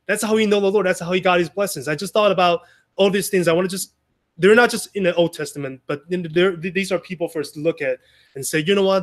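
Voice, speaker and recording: A high-pitched, fairly bright male voice leads an informal Sunday sermon for a small gathering. He speaks conversationally, restarting often and slipping in asides.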